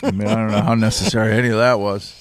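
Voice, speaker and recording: A man, a comedian guest on a podcast, bantering in a crude, deadpan, matter-of-fact way. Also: fairly low pitch, very fast, background noise.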